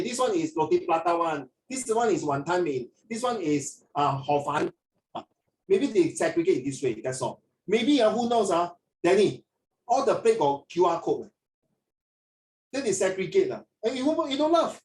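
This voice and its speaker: A man's voice: high-pitched, animated, moderate pace, darkish tone, reverberant, distant mic. A male teacher with a Singaporean accent, chatting through an online class in Singlish and bits of Mandarin.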